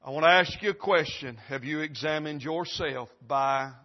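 A man preaching in church, his voice sitting high as he tells a vivid story and acts out every character. He swings from loud, urgent passages to hushed, near-whispered lines. The recording sounds dull and lo-fi. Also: moderate pace. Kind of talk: sermon illustration story. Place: church service.

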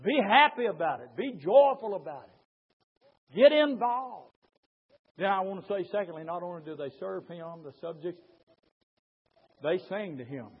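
A man preaching a sermon, his fervent delivery swinging from low murmurs to loud shouting. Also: animated, a little slow, pauses often, husky, phone-quality sound.

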